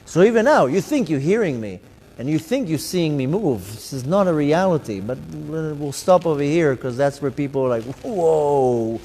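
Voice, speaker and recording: A man's voice: fairly high pitch, animated, normal speed, a little mellow, a little hiss or hum. A man, a rabbi, telling his story to a congregation, acting out his own thoughts and the voices of others. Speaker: rabbi giving a talk. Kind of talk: live talk to a congregation. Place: synagogue hall. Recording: live synagogue hall with long reverb.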